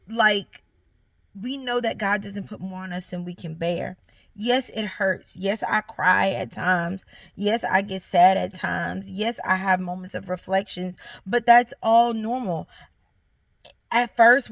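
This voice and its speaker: A woman's voice: medium pitch, creaky, a bit bright, no room sound. A young woman, giving an earnest, encouraging faith testimony straight to her viewers. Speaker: vlogger sharing her story. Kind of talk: heartfelt faith testimony to camera.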